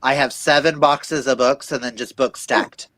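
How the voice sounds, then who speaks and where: A man co-hosting a reading livestream, chatting casually and telling animated stories while laughing often. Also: mid-range voice, normal speed. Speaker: livestream co-host.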